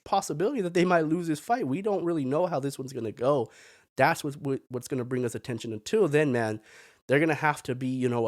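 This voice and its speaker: A man's voice: mid-range voice, no room sound. Man, podcast host, casual sports commentary, opinionated, rambling, dry close sound.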